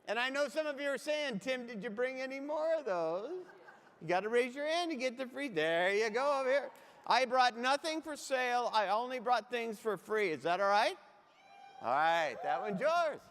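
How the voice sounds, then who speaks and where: A man's voice: very high-pitched, animated, normal speed, fairly bright tone. A middle-aged man giving a comic motivational keynote, telling punchy stories with asides to the audience on a stage mic in a large conference hall. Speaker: keynote humorist. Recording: echoey hall reverb.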